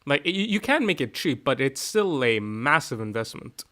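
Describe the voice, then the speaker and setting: A man's voice: mid-range voice, big pitch swings, normal speed, bright, forceful tone. A man hosting a livestream, chatting casually, laid-back, joking and swearing, half asleep. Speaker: streamer host.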